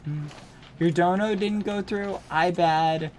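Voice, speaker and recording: Young man, live gaming stream, unhurried delivery, playful, sing-song humming, faint background hiss. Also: high-pitched. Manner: playful and doting, hums and sings little made-up songs; coos at his pets in a baby-talk tone. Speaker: livestreamer. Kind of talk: casual live-stream chat while gaming.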